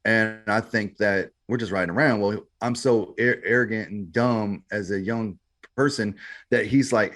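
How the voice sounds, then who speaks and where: A man's voice: fairly low pitch, normal speed, a bit bright. A man guest on a podcast, telling his story in a laid-back, slangy way, often saying "man" and "bro". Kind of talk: casual storytelling.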